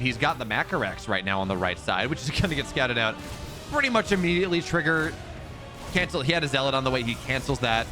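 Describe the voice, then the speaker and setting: A man casting a live strategy game match, chatty and self-mocking, rising with excitement on plays. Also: mid-range voice. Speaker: esports caster.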